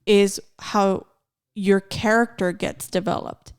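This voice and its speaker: A woman with a smooth, clear voice co-hosts a casual podcast. She talks in an earnest, reflective way, now and then dropping in a Spanish phrase. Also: medium pitch, fairly even intonation, slow. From Mexican-American. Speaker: podcast co-host.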